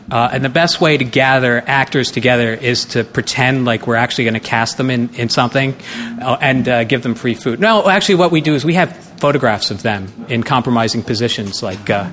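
A man's voice: medium pitch, fairly bright tone, slight background noise. A man guesting on a podcast in casual chat, riffing absurd jokes with stammering restarts. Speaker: podcast guest, co-host of his own show.

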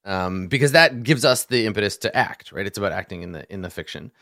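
An experienced player, a man, chats casually while patiently explaining how a tabletop game works, walking through examples step by step. His voice is on the low side, gravelly and sharp, with lively intonation and a quick pace. The recording is dry with clean studio sound.

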